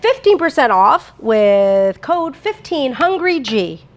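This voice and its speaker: A woman's voice: sits high, sing-song, slow pace. A woman presenting a sponsored cooking demo in a home kitchen, talking in a chatty, bubbly way with lots of fillers. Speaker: brand presenter.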